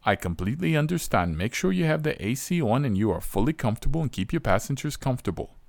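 A man putting on the voice of an overly polite male phone support agent who speaks in quick, courteous, scripted phrases. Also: mid-range voice, sing-song, vocal fry, darkish tone, no room sound, voice pushed up.

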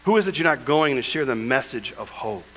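A man's voice: mid-range voice, expressive, fairly quick, sharp tone, big-room sound, slight background noise, low-quality recording. A man preaching a sermon as pastor, with emphatic asides and acted-out scripture quotes, speaking in a church. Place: church sanctuary.

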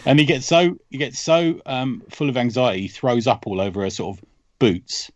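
A man's voice: mid-range voice, normal speed, no room sound, muffled recording. A man on a podcast, chatting casually about comics, telling stories with laughs and acting out quoted lines. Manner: animated storytelling, laughs often, acts out quoted lines. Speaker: podcast host.

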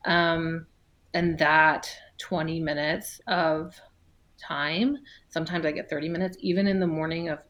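A woman's voice: low-pitched, steady tone, measured pace, fairly bright tone. A woman around forty, a physical therapist guest, chatting casually in a podcast interview, laughing often and using many fillers.

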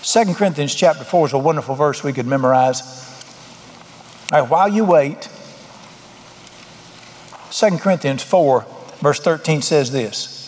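A man's voice: on the high side, normal speed, long pauses, a little mellow, a little hiss or hum. A middle-aged man preaching a sermon as pastor, folksy, with emphatic bursts. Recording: long hall reverb.

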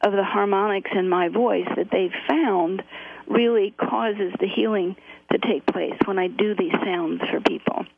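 A woman's voice: medium pitch, steady tone, unhurried, creaky, husky. A middle-aged woman guest telling her story earnestly, with frequent fillers. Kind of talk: interview on a phone line. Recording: tinny phone line.

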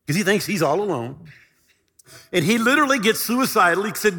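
A man's voice: sits high, big pitch swings, normal speed, long pauses, sharp tone, breathy edge, big-room sound. A male pastor preaching a sermon with fervent, emphatic delivery and repeated phrases.

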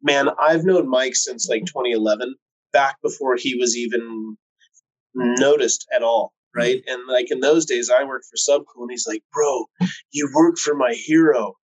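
A man's voice: mid-range voice, fairly even intonation, normal speed, poor audio. A man in casual chat who tells long stories, swearing freely and filling gaps with "um" and "like." When he quotes other people, he acts out their voices. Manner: profane, laid-back, lots of fillers. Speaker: cannabis breeder guest.

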